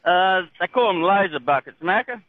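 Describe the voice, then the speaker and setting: A man's voice: high voice, expressive, moderate pace, no echo. A laconic Australian man calling in to a radio talk show, chatting casually. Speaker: caller, farm machinery driver. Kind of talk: phone-in chat. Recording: tinny phone line.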